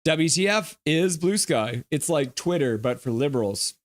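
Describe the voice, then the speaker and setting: A man's voice: a little high, expressive, normal speed, dry recording. Man joking through a live game stream. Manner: jokey, teasing, reads chat messages aloud. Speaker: streamer reading live chat. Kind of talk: casual live game reaction.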